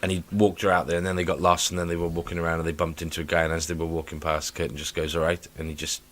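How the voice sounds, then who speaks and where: A man co-hosting a casual podcast, telling stories in an animated, mocking way with sudden outbursts. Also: deep voice, very fast. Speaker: podcast co-host. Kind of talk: casual chat.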